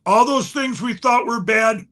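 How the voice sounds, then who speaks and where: Brief: man, high bright voice, restless storyteller who restarts phrases and jumps between loud and hushed. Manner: fast, restless, repeats and restarts, swings loud and soft. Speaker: guest. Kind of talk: excited conversational storytelling.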